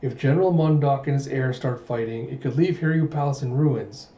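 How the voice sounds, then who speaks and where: A man voicing a gentle, mild old king. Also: medium pitch, brisk, lightly acted. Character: gentle, mild-mannered older male king. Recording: dull roomy home recording.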